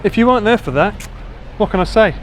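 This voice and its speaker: Strolling through the city, this Essex-accented man banters with the people watching his livestream, swearing, teasing, and laughing as he walks. He speaks quickly in a high register, with slight noise in the background.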